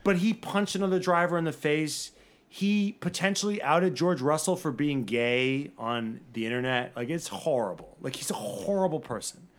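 A man co-hosting a podcast in casual chat, ranting in an animated way, swearing and doing mocking impressions. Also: a little high, moderate pace. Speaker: podcast co-host.

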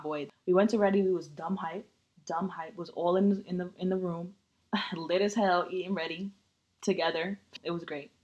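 A woman's voice: on the low side, muffled recording. A young woman hosting a solo podcast, talking casually with heated, profane emphasis. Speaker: podcast host.

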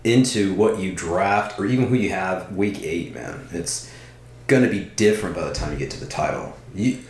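A man co-hosting a podcast, chatting casually and swearing, with animated bursts. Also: low voice, normal speed. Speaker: podcast co-host. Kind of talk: casual chat.

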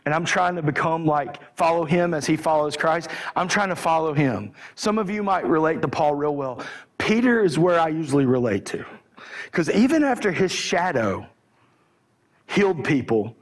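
Man, preacher, high voice, fervent sermon. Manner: shouting and fervent, then calmer and conversational.

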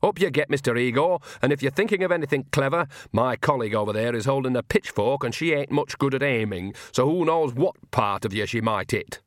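A man's voice: medium pitch, brisk, few pauses, no room sound, clean studio sound, pitched above the performer's own voice, close to an everyday voice. A man voicing a cheerful, cunning old witch woman who bosses people about in a folksy way. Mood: bossy cheerful.

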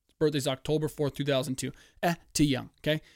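Excitable profane man, slightly high voice. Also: quick pace, no room sound, clean studio sound. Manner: profane, excitable storytelling with sudden loud outbursts. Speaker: podcast host. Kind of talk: casual podcast race recap.

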